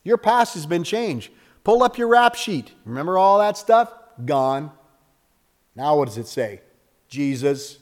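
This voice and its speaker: A man preaching a sermon with lots of energy, acting out little scenes and jumping up and down in pitch and loudness. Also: a little slow, in a large hall. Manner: animated, acts out little scenes with sudden jumps in pitch and volume. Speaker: pastor.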